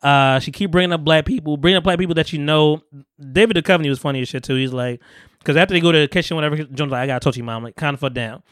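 A man's voice: on the high side, rapid-fire, a bit bright, no room sound. A man hosting a podcast, casually retelling film scenes and acting out the quotes with lots of laughter. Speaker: podcast host. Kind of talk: casual chat.

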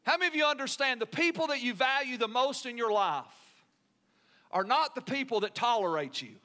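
A man's voice: very high voice, lively intonation, normal speed, bright, forceful tone. A male pastor preaching a sermon in an earnest, emphatic way, often asking the congregation questions.

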